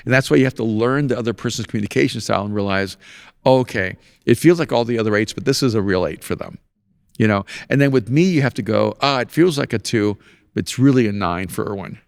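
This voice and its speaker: A man's voice: mid-range voice, creaky, no room sound, studio quality. A man hosting a podcast in casual conversation, telling stories with animation and laughing often at his own anecdotes. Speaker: podcast host.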